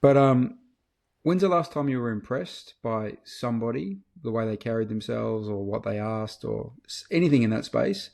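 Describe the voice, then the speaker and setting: A man's voice: medium pitch, moderate pace, creaky, darkish tone. A man co-hosting a podcast, asking probing questions with hesitant fillers. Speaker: podcast co-host. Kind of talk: casual podcast discussion.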